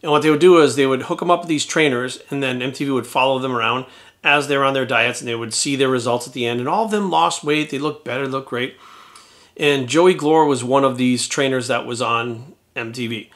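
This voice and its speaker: A man, a fitness coach, telling a story in a casual monologue, blunt and full of swearing, and lively when he quotes people. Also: medium pitch, brisk. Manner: animated when quoting others.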